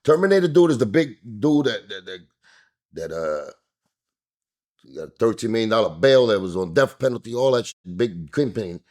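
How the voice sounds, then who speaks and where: A man, an interview guest telling a story with lively, animated delivery, acting out what other people said. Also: moderate pace. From New York. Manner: acts out quoted voices, jumping high and loud.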